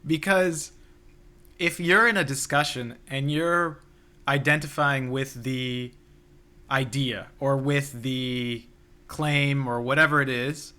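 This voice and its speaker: Bright-voiced man musing slowly. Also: mid-range voice, fairly even intonation. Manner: thinks aloud with many restarts and fillers. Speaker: podcast co-host. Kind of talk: casual philosophical conversation. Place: outdoors near a playground.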